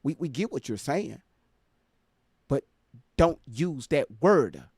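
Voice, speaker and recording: A man's voice: on the high side, very animated, slow, slightly rough, no echo. Casual male livestream host, dry sound. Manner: mumbling and trailing off into fillers, then laughing and ranting loudly.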